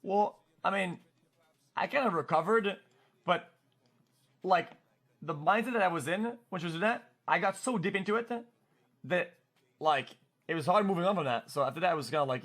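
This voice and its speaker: A young French-Canadian man streaming, spinning a story in loose, casual chat. He talks excitably with a fairly high voice, swears freely and trips over repeated words as he rushes ahead. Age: 20s.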